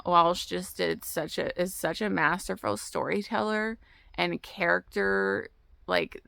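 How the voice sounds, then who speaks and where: A young woman vlogs casually outdoors about books, tearful and emotional, rambling and often restarting her sentences. Her voice is fairly low, creaky, and a bit bright.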